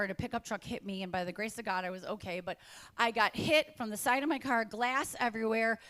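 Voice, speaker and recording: Gen x lady comic doing standup, high voice, acts out all the quotes. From United States. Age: middle-aged. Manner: animated storytelling with acted-out quotes. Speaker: stand-up comedian. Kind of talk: stand-up comedy at a banquet.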